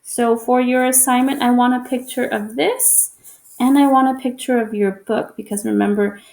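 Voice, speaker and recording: Woman, elementary teacher, gently repetitive instructions for kids; slightly raised pitch with gravelly fry. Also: steady tone. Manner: patient, repeats instructions slowly and encouragingly. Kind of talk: explaining a homework assignment to young children.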